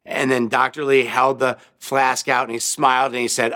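A man's voice: mid-range voice, little pitch movement, moderate pace, sharp tone. Male preacher, mid-range voice, tells a sermon story and acts out its characters. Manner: storytelling, acting out quoted voices with rising emphasis. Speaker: pastor.

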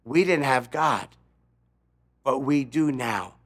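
A man preaching a sermon, dropping to a near-whisper and then rising to an urgent raised voice, slowing and repeating key phrases. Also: mid-range voice, fairly bright tone. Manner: repeats words and restarts, stresses key phrases slowly. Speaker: pastor.

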